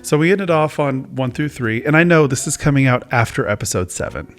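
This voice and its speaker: A man's voice: medium pitch, animated, a little fast, faint music behind. A man hosting his own casual talk show, rambling and joking at his own expense. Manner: rambling, self-mocking, chatty. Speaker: host. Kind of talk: casual chat.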